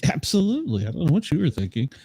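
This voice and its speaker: A man's voice: on the high side, wildly swooping pitch, racing, warm tone, husky, dry recording, poor audio. A man hosting a sports podcast in casual chat, dropping dry, teasing jokes. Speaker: podcast host and business manager.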